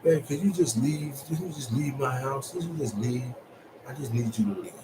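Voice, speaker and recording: A man voicing a fed-up girlfriend quietly and wearily insisting her partner leave. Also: medium pitch, moderate pace, noisy background, natural voice. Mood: weary.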